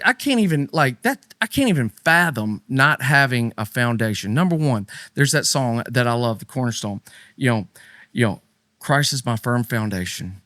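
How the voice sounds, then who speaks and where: This is a middle-aged man co-hosting a casual podcast. His voice sits mid-pitch and is recorded close and dry. He talks animatedly, leaping into high, emphatic bursts and then dropping low and quiet. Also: no echo. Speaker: podcast co-host. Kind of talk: casual faith talk with a co-host.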